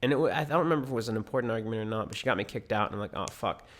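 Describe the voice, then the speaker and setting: A young man from the United States tells a personal story in a loose, rambling way. He fills the gaps with ums and likes and keeps restarting his sentences. His voice sits a little low. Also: racing, fairly bright tone. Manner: rambling with many fillers and restarts. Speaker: vlogger. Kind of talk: casual storytelling.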